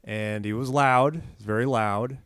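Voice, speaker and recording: A man's voice: medium pitch, slow, clean tone, dry recording, studio quality. A man co-hosting a podcast, chatting casually and acting out the people in his stories. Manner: animated storyteller, acts out quotes loudly. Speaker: podcast co-host. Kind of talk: casual chat.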